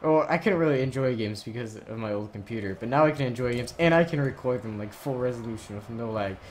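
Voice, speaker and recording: A man hosting a gaming channel, giving excited live commentary over his own match, often yelling and laughing at plays. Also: medium pitch, fast talker, slight background noise.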